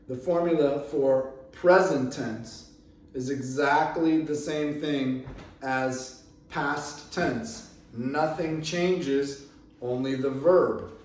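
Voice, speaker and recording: A man teaching an English grammar lesson in a classroom, speaking slowly, repeating phrases and moving around as he explains. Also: medium pitch, recorded from a distance, slight background noise. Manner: slow, repeats phrases, moves around the room. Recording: echoey room, voice from away from the mic.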